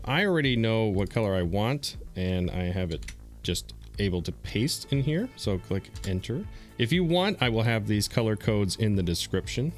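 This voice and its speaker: A man with a low voice that rises and falls a lot as he explains each step of a software tutorial. He talks in a relaxed, step-by-step way, with easy fillers and small repeats. Soft music plays faintly behind him. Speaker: streamer teaching a design tutorial. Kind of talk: screen-recorded software tutorial.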